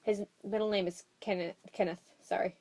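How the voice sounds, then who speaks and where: A woman with a mid-range voice, talking through her notes in a relaxed movie chat. She hesitates often and fills pauses, with a dry, wry humor. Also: mid-range voice. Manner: hesitant, many fillers, wry. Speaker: movie review co-host. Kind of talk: casual chat.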